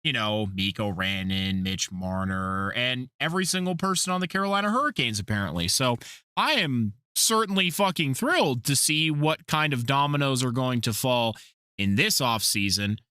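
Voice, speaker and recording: This podcast host has a mid-range voice with lively intonation, a moderate pace, and a bright, forceful, clear, resonant tone, recorded in studio quality with no room sound. He tells casual, rambling stories and swears freely.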